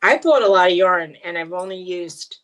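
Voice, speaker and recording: A middle-aged woman hosting a casual live-stream chat with a friend, talking in a chatty, animated way. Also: lowish voice, moderate pace, poor audio. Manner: chatty and animated, swears and laughs easily. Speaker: channel host.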